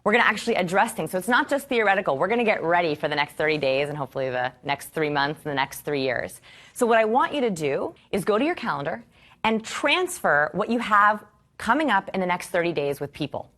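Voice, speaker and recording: A woman in her thirties teaching a course to a live audience, enthusiastic and expressive, asking rhetorical questions. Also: lowish voice, fast. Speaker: course instructor.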